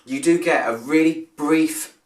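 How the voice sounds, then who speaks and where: A man's voice: on the high side, measured pace, distant mic. A British man reviewing a fragrance in a casual, self-mocking chat, full of fillers and restarts. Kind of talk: casual talk to camera. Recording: roomy sound, mic set some way off.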